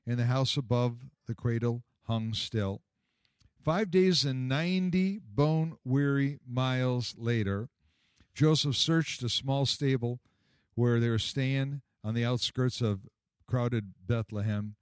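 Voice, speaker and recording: A man narrating a Christmas story in a measured, expressive storybook reading. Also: medium pitch, smooth, no room sound, studio quality.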